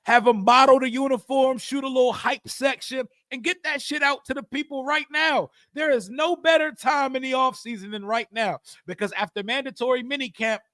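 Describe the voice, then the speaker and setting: Animated young streamer, high voice. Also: male voice, moderate pace, few pauses, dry recording, studio quality. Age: young adult. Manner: animated, profane, addresses chat directly. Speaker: livestream host. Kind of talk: casual live reaction stream.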